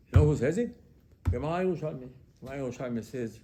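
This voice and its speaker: A rabbi delivers a sermon in a voice of ordinary middle pitch. He keeps asking his listeners questions and repeats them, with Hebrew religious terms woven into his English. He drops to near-whispered asides, then rises to emphatic points. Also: lively intonation, fast talker, slight background noise. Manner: loudness swings from hushed to emphatic.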